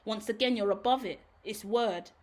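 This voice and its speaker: A woman's voice: mid-range voice, normal speed. Chatty woman giving a tarot reading. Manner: rambling and reassuring, addresses the viewer directly; laughs at her own tangents, casual swearing. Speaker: tarot reader. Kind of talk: casual spiritual tarot reading to camera.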